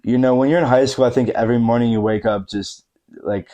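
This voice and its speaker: Here a podcast guest in his thirties rattles off a funny anecdote at a fast clip, his mid-range voice mellow and fairly flat in intonation. Recorded in a living room, the easygoing chat has him laughing often and using plenty of fillers.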